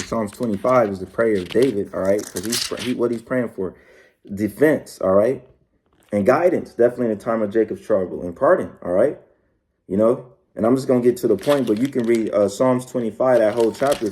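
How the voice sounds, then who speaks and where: A man with a lowish, dark, mellow voice gives a loose, casual scripture lesson. He tags nearly every phrase with "all right" or "man" and reads verses slowly, with many fillers and restarts. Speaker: preacher.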